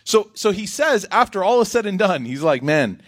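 Animated male religious speaker. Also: high-pitched. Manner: animated, rhetorical, acts out quotes; recites Arabic quotations quickly. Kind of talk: Islamic reminder talk.

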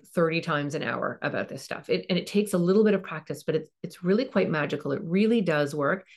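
A woman hosting a parenting podcast, giving earnest coaching advice and acting out what a parent might say. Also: fairly low pitch. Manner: earnest, coaching tone, acts out parent and child lines; emphatic repetition. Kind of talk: advice monologue.

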